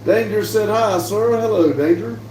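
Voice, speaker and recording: A man with a high voice runs a casual live stream at normal speed, chatting and reading messages from viewers. His manner is easygoing and laugh-prone, and the roomy, distant-mic audio has a little hiss or hum.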